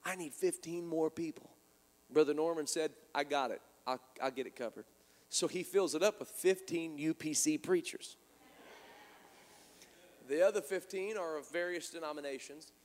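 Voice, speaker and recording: A man's voice: on the high side, normal speed, pauses often, long reverb tail. A man preaching a sermon, telling a story and acting out the dialogue, often repeating words as he goes. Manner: animated, repeats words, acts out quoted dialogue.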